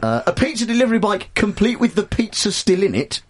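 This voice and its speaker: A man's voice: high-pitched, big pitch swings, a little fast, husky. A man hosting a radio talk show, joking and rambling in casual studio banter. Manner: jokey, rambling, mock-insulting. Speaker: radio host.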